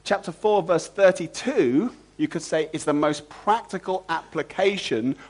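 A man preaching an expository sermon, animated and asking the congregation rhetorical questions. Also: sits high, a little slow.

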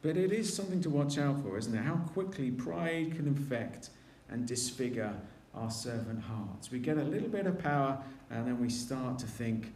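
A man's voice: on the high side, lively intonation, moderate pace, echoey room, a little hiss or hum. A man preaching a conversational sermon in a church, acting out quoted voices as he goes.

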